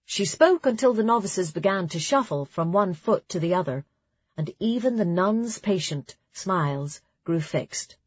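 A woman narrating a story in a measured, even way, with a breathy voice. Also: lowish voice, dry recording, dull audio. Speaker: audiobook narrator. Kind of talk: scripted narration.

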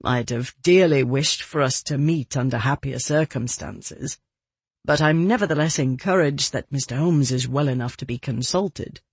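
A man's voice: mid-range voice, moderate pace, husky, dry recording. Narrator doing an eager police inspector man. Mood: earnest.

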